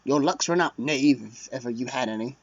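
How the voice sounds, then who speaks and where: A man's voice: medium pitch, a little fast, dry recording, lightly acted. A man voicing an earnest, dutiful young male squire in a medieval war, with a put-on pseudo-British delivery. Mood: urgent. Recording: dull lo-fi dry mic.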